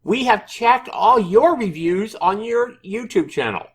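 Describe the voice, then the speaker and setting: A man voicing a defensive male game developer in a high, mocking, stammering voice with broken English. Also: expressive, measured pace, slightly rough, exaggerated voice. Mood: indignant.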